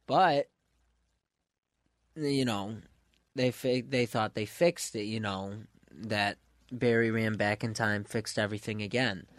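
Low-voiced man retelling a comic, rambling. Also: no room sound, studio quality. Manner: rambling, animated retelling with fillers. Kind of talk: casual chat.

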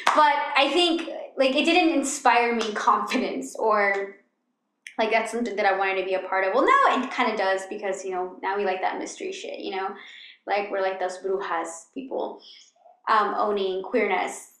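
A woman whose first language is Spanish, chatting casually as a podcast co-host, animated and full of "like" fillers. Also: moderate pace, slight background noise. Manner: animated, full of "like" fillers, jumps high when quoting. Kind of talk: casual chat. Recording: echoey room.

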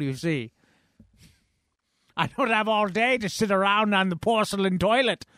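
A man putting on the voice of a pompous, demanding old-fashioned gentleman in a comedy bit, fussy and long-winded. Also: high-pitched, no echo, pitched above the performer's own voice, heavily acted.

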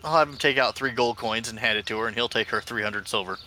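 A man's voice: mid-range voice, quick pace, sharp tone, slight background noise. A man playing a tabletop role-playing game, talking casually and a little hesitantly. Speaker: player.

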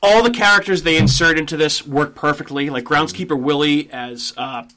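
An excitable man hosts a loose podcast conversation, swearing freely as he keeps things moving. His voice sits a little high and sounds crisp and bright. A faint hiss runs under the recording. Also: normal speed. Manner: enthusiastic, swears casually. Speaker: podcast host. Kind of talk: casual podcast chat.

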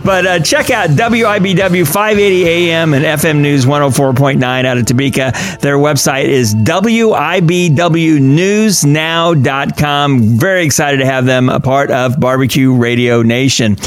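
A man's voice: a little high, moderate pace, hardly any pauses, soft background music. A man co-hosting a radio talk show, joking and reading sponsor plugs in a casual chat. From Kansas. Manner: jokey, upbeat, reads plugs.

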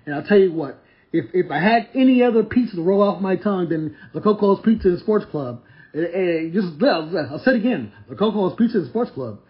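Male podcast host, high-pitched voice, gushing and repetitive, slightly muffled lo-fi recording. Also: animated, a little fast. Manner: enthusiastic, repetitive, stumbling restarts. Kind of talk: casual restaurant review monologue. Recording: slightly dull lo-fi audio.

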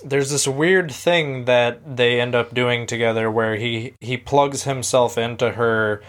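A man's voice: medium pitch, steady tone, fairly bright tone. Jokey podcast co-host chiming in, man. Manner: jokey, chimes in with quick additions. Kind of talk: casual chat.

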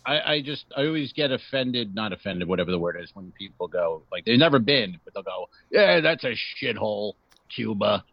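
A man's voice: fairly low pitch, lively intonation, a little fast, hardly any pauses, dry recording. Male co-host, blunt and profane wisecracker, dry lo-fi recording. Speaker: podcast co-host. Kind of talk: casual chat.

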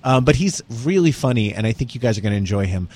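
A male comedian hosts his own podcast in loose, casual chat. His voice moves a lot in pitch, and he keeps teasing his co-host and sliding into put-on accents for a laugh. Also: lively intonation, fast talker, a little mellow. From New York-based. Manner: playful, drifts into joking accents.

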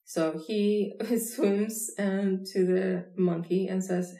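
A woman's voice: medium pitch, fairly even intonation, takes it slowly, warm tone, echoey room, low-quality recording. A woman telling jokes in a casual chat, often laughing through her own punchlines. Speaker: podcast co-host telling jokes.

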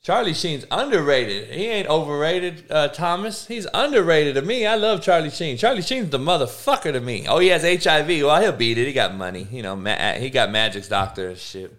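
A man hosting his own podcast, rambling casually and profanely, with big swings in pitch as he gets worked up. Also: animated, a little fast, hardly any pauses, a bit bright. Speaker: podcast host; coach. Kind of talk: casual solo podcast rant.

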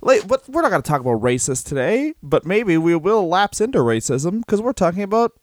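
A man's voice: high voice, big pitch swings, a little fast, a little hiss or hum. A man co-hosting a comedy podcast, riffing in a rambling way and laughing often. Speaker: podcast co-host.

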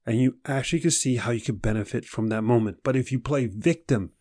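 Male motivational speaker, mid-pitched, direct and challenging, close dry recording. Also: brisk, a little mellow, no room sound. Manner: direct, questioning the listener, mimics excuses. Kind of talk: motivational monologue.

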